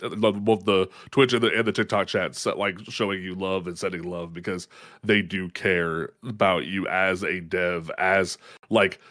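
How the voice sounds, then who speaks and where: A man hosting a live interview, soft-spoken and sympathetic, stumbling over repeated words. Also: low-pitched, dry recording, studio quality. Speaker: podcast host. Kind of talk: casual interview.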